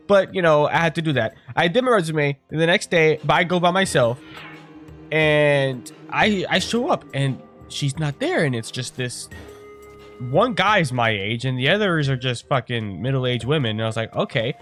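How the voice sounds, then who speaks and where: A man in his twenties chatting casually while playing a game, rambling and profane, venting with sudden loud outbursts. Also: a little high. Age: 20s. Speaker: gaming streamer. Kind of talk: casual gameplay chat.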